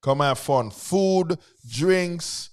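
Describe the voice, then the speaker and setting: A man with a Jamaican accent, a guest in casual chat, telling stories in an animated way and laughing easily. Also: fairly high pitch, very slow, clear, resonant tone.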